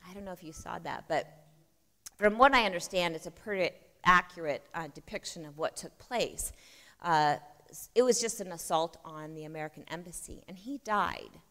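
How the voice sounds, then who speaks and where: A woman's voice: on the low side, moderate pace, bright, forceful tone. A woman giving a conversational church conference talk, often asking the audience questions. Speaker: conference speaker. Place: church hall. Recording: long reverb of a church hall.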